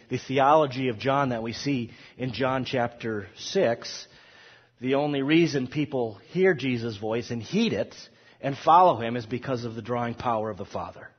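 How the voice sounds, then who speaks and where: A man's voice: medium pitch, slightly rough. A man teaching a Bible course, lecturing emphatically and rising on quoted verses, with frequent restarts. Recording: dull audio in a long-echo hall.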